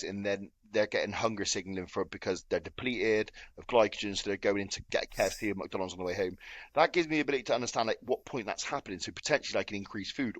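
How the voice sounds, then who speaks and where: A man's voice: lowish voice, a bit bright, dry recording. A young man, a bodybuilding coach, earnestly explaining client honesty in a casual podcast chat, full of "like" fillers.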